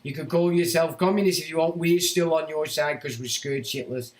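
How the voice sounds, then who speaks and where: A man's voice: a little high, a little fast. A middle-aged man hosting a livestream who rants about politics, reads out chat comments and swears as he taunts commenters. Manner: ranting political monologue. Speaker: livestream host. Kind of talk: casual livestream talk reading chat.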